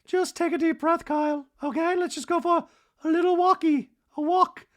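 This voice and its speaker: A podcaster voicing a soft, self-assured woman coaxing a friend, in a high falsetto. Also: steady tone, moderate pace.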